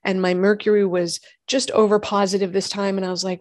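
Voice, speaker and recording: A woman, a doctor and host telling her own health story in lively conversation, acting out what others said. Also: mid-range voice, a little fast, hardly any pauses, no room sound, clean studio sound. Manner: animated storytelling, acts out quoted voices. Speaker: functional medicine gynecologist and podcast host.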